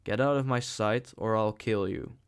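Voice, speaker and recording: A man voicing a furious young man who shouts harshly. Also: fairly low pitch, normal speed, clear, resonant tone, natural voice.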